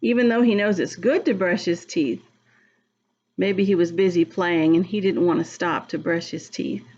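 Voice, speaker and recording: A woman reading a picture book aloud to young children, gently pausing to ask them questions. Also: lowish voice, steady tone, breathy edge, muffled recording. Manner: slow, gentle, asks the listener questions. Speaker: early-childhood reader.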